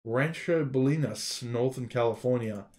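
A man's voice: medium pitch, moderate pace, a little mellow, close to an everyday voice. A man voicing a naive young female cow student, read in a plain, wary way. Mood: answering. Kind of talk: reading a game's story aloud on stream.

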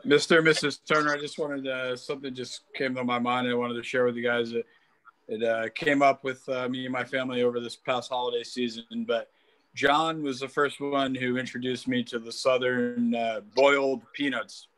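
A man's voice: medium pitch, flat delivery, moderate pace, fairly bright tone. A young man from Connecticut telling a light, rambling memory on a video call.

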